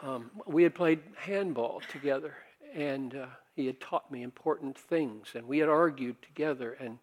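An older man preaching a sermon, talking conversationally and rising to forceful emphasis. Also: mid-range voice, moderate pace. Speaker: pastor.

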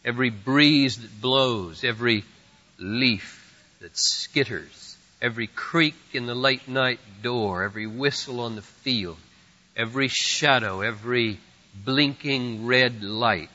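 Slow, bright-voiced male preacher in a hall. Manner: rhythmic, builds to forceful crescendos then drops low. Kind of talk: sermon. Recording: muffled, reverberant hall.

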